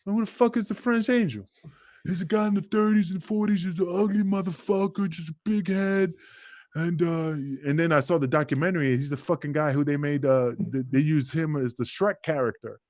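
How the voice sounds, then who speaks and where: A man's voice: a little high, a little fast, no room sound, clean studio sound. Profane, rambling New man. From Queensbridge, New York. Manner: profane, rambling, animated storyteller. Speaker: podcast guest, wrestler. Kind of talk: casual storytelling chat.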